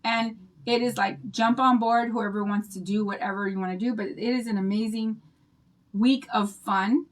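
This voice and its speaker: An older woman rambles happily to her livestream viewers, telling stories in a bubbly, chatty way. Her voice sits a little high for a woman. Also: steady tone, normal speed. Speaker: craft livestream host.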